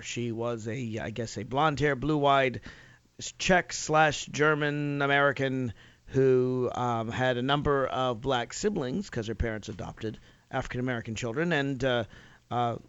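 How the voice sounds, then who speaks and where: A Nashville, Tennessee talk radio host argues his opinions in a monologue full of rhetorical questions and emphatic rises. His medium voice is smooth and a bit bright, though the echo-free recording sounds muffled.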